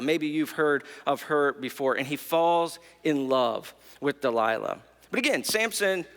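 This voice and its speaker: High-voiced pastor guy preaching, super animated, acts out the lines, big echoey church hall. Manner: animated storytelling, acting out the characters' lines. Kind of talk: sermon.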